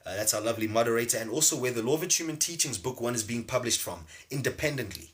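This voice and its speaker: A man teaches on a livestream as a spiritual teacher and host, casually teaching and giving chat shout-outs. Loose and emphatic, he keeps asking "see?". His medium-pitched voice races along with lively intonation and a fairly bright tone.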